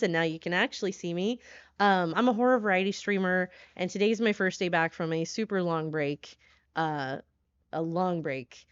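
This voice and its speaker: A woman horror streamer chatting live with her viewers, excitable, laughing often and swearing when startled, talking from a hotel room. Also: medium pitch, smooth, dry recording, lo-fi sound.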